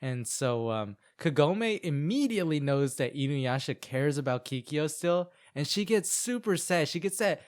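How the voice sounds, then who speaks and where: A young man co-hosting a podcast, chatting casually as he recaps an anime, full of "like"s and quick asides. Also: a little high, lively intonation. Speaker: podcast co-host.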